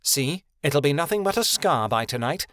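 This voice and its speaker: A man voicing a proud, sharp-tongued female griffin in an audiobook, speaking curtly in a low, measured voice. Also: lively intonation, no room sound. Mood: curt, gruff.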